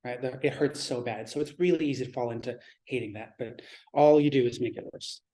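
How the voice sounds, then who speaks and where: Male Zen teacher, dharma talk; mellow, warm tone, reflective delivery with pauses. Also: medium pitch. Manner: reflective, measured, with pauses and restarts.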